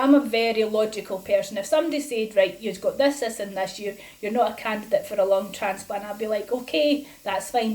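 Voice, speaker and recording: A woman's voice: medium pitch, a little mellow, rough recording. A woman speaking to camera in a personal vlog, indignant and emphatic, retelling her exchanges in quotes, a little breathless from lung disease. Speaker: patient sharing her health story.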